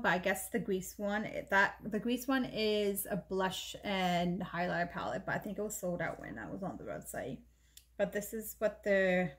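A woman's voice: mid-range voice, a little hiss or hum. A woman beauty vlogger talking casually as she shows her makeup, chatty and rambling, often correcting herself mid-sentence. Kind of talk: casual chat showing makeup.

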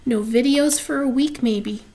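A woman reading a children's chapter book aloud, pausing to describe the pictures. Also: sits high, mellow, slight background noise, rough recording. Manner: describes the pictures between passages. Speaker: reader.

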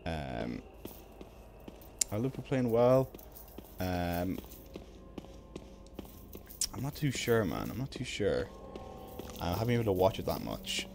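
Swearing gamer, deep voice. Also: male voice, slow, gravelly, pauses often, soft background music. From Ireland. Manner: swears a lot, bursts into loud excited shouts. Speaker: streamer. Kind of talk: live gaming commentary.

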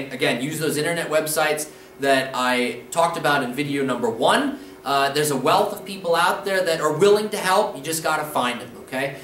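A man's voice: a little high, pushed and bright, distant mic, a little hiss or hum. Man teaching a language lesson, echoey room. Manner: repeats words slowly for practice, checks in with "okay?". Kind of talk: casual spoken lesson. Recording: echoey room, voice a little off-mic.

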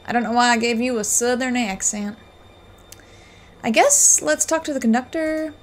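A woman's voice: a little high, normal speed. A woman casually commenting while playing a game, with dry, wry asides. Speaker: gameplay streamer. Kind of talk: casual let's play commentary. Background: faint game music.

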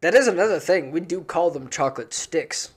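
A man's voice: a little high, expressive, a little fast, husky. A young man hosting a casual podcast chat, joking and swearing. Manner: swearing, joking, laughs easily. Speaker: podcast host.

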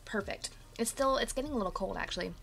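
Fast and expressive, with vocal fry in a fairly bright, medium-pitched voice, a woman chats casually with live viewers from her home apartment. She greets them by name on a desk mic, bubbly and chatty, though her voice is a bit dry and coughy because she just woke up.

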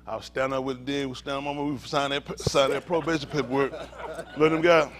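A man, a pastor telling lively, laughing stories in a sermon, full of slang. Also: mid-range voice, quick pace, a crowd in the background. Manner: animated, laughing storytelling with Southern slang. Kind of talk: storytelling sermon.

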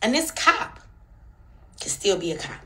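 Woman, young adult, angry rant, profane, rhetorical questions, lively pitch. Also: measured pace. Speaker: social media commentator. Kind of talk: heated commentary rant.

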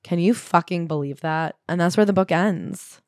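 A woman co-hosting a podcast, retelling a book in a casual, animated way and acting out the quotes. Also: moderate pace, dry recording, studio quality. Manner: animated storyteller, acts out quotes with sharp pitch jumps. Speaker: podcast co-host. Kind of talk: casual book-club chat, retelling a story.

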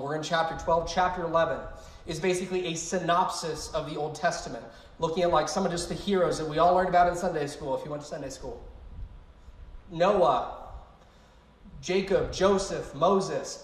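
A young male youth pastor preaches in a relaxed, chatty way, slipping into animated storytelling with quick asides. His voice sits a bit high. The sound carries the echo of a big room. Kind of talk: youth sermon.

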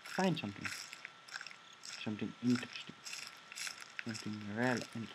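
A man's voice: medium pitch, a little slow, background noise. A young man commenting on a horror game as he plays, jumpy, muttering to the game and then shrieking at scares. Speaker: gamer.

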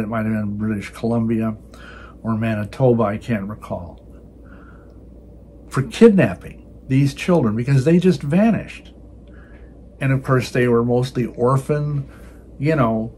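A man's voice: medium pitch, a little mellow, slight background noise. An older man hosting a religious video, giving emphatic preaching commentary and often repeating words as he restarts. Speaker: Christian video host.

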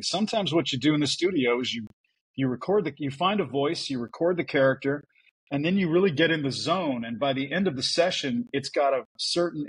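A man who works as a voice actor, telling stories in a casual podcast interview, animated and full of restarts. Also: medium pitch, breathy edge, rough recording. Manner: chatty storyteller, animated with restarts. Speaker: voice actor guest.

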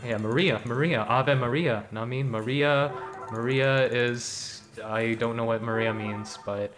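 A man's voice: medium pitch, unhurried, over music. A young man streaming a mobile game, joking and rambling with lots of fillers and slang. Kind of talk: casual gacha stream commentary.

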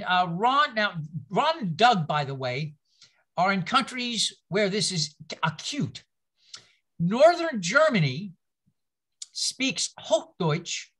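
A church history teacher gives a loose, conversational lecture, drifting into stories and asides and often restarting sentences. The voice is bright and forward, sitting at an ordinary middle pitch. It sounds like a class held in a church room. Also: big pitch swings, slow. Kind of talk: informal lecture with anecdotes.

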